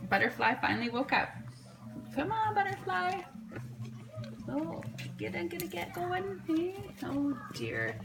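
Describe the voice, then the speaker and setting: A dog breeder narrates a casual vlog indoors at a whelping pen, cooing baby talk to her puppies and laughing often. Her mid-range voice comes through on a low-quality recording.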